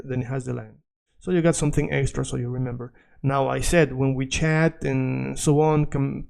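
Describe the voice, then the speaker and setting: Patient man teaching, dark voice. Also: medium pitch, gravelly. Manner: explains patiently, repeats words, checks in with "all right?". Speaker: Spanish teacher. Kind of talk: video language lesson.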